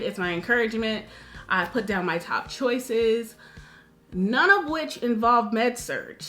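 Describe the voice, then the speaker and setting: A young woman in her twenties, a nursing student vlogger, telling a personal story in a chatty, animated way, acting out what people said. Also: mid-range voice. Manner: chatty, animated, full of "like" and acted-out quotes. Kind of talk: casual storytelling to camera.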